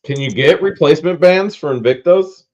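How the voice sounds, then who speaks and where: A man hosting a live-stream auction, loudly calling out lots and prices with excitement. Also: on the high side, normal speed, highs cut off. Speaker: livestream auction host.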